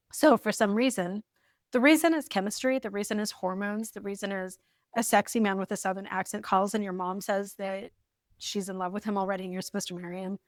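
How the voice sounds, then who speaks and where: Woman in her 40s reading from her journal, wry, lighthearted, middle pitch, dry close sound. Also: no echo. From United States. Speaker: vlogger. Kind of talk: storytelling while reading from an old journal.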